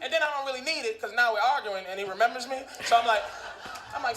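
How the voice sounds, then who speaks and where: Profane high-voiced stand-up comedian. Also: male voice, fast talker, bright, forceful tone. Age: 30s. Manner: profane, conversational, mumbled asides. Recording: echoey club recording with noise.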